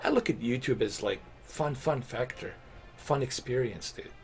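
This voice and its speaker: This middle-aged man streams games and chats casually, rambling along and peppering his talk with "dude" and "man." His voice is mid-range and darkish in tone, at a normal speed.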